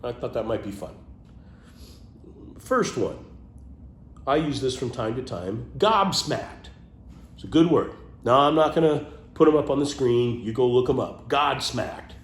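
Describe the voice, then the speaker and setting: A man casually chatting about his favorite words, playful, trailing off into low muttered asides. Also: reverberant, a little hiss or hum. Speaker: vlogger sharing favorite words. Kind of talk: casual off-the-cuff monologue.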